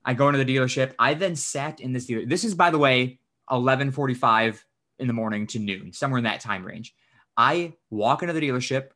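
A man hosting a podcast, telling a story in casual chat, animated and swearing often as he acts out what he said. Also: medium pitch, brisk. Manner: animated, swears often, acts out his own quoted lines. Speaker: podcast host.

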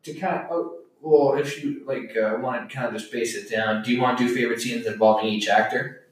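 A man's voice: medium pitch, fairly even intonation, brisk. A man co-hosts a casual movie podcast, eager and keen to steer the chat along. His voice sits in a middle range. It rings in a very echoey room with a faint hiss behind it. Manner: eager, enthusiastic, steers the talk. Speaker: podcast co-host.

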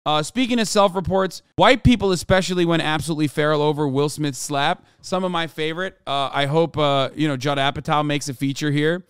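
A man's voice: a little high, a little fast, few pauses, a bit bright, clear, resonant tone, no room sound, studio quality. A man hosting a podcast, reading tweets aloud and mocking them in a sarcastic, profane comedic commentary. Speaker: podcast host.

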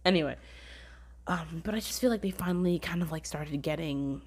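A woman's voice: sits low, fairly quick, husky. A woman rambling through a casual weekly review of her shows, gushing, swearing freely and saying "like" a lot. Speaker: drama reviewer.

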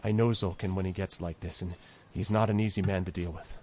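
A man voicing a stern, protective female companion who speaks firmly and quietly. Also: low voice, fairly even intonation, a little fast, no room sound. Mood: warning. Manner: firm, quiet, warning.

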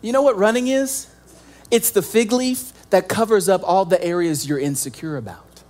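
A young man preaching a sermon as pastor, animated and joking, acting out little scenes as he goes. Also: sits high, normal speed.

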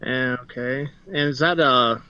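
A man playing in a tabletop role-playing game, explaining in halting bursts with many fillers. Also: medium pitch. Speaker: player. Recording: dry, muffled lo-fi audio.

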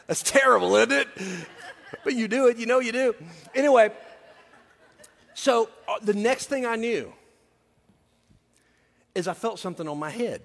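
A male preacher with a notably high voice that rings through a large church hall with a long reverb tail. He tells personal stories with a humorous, confiding touch, then turns earnest as he urges his listeners on. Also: measured pace, gravelly, long pauses, a bit bright. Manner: humorous, confiding storyteller turning to earnest exhortation. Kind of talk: sermon with personal storytelling.

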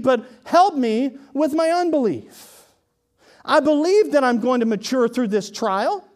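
A male pastor preaching a sermon in a conversational way, with sarcastic asides, swinging from hushed lines to emphatic ones. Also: very high-pitched.

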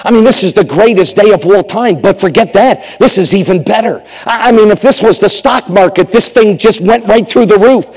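A man preaching a revival sermon in a dramatic style, dropping from loud bursts to hushed tones as he acts out the scripture. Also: high-pitched, a little fast, hardly any pauses, in a large hall.

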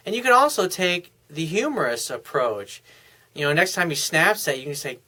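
A man's voice: on the high side, very animated, normal speed, sharp tone. A man giving frank, blunt relationship advice in a casual, coaching monologue.

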